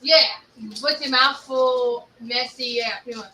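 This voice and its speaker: A woman's voice: sits high, fairly even intonation, unhurried, sharp tone. A young woman, the host's daughter, chatting in a teasing, matter-of-fact way. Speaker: family member of host. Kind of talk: casual chat. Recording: echoey room from a distance, clear background noise.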